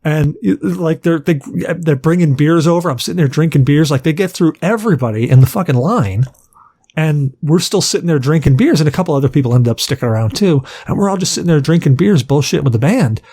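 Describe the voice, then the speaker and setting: Slightly high, expressive and mellow, this co-host's voice moves fairly quickly. His long, rambling, profane story in a casual podcast chat is full of acted-out quotes from the people involved.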